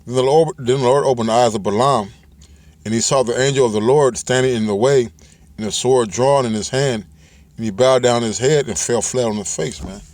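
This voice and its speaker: A man giving informal Bible teaching, talking loosely and reading scripture aloud in a slow, measured way. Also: mid-range voice, a little mellow, no room sound. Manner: loose and conversational, ends phrases with "man" and "all right"; reads scripture aloud in slowed, measured cadence.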